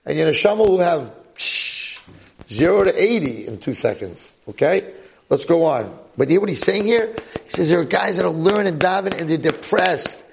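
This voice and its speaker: An older American man, a rabbi, giving a jokey, animated class full of rhetorical questions. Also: a little high, moderate pace, creaky. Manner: jokey, acts out quoted voices, punchy rhetorical questions. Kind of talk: animated storytelling lecture.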